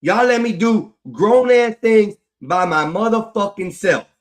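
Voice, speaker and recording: A man's voice: sits high, lively intonation, unhurried. A man ranting angrily on a livestream, swearing heavily and repeating himself. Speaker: livestream host. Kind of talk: angry livestream rant.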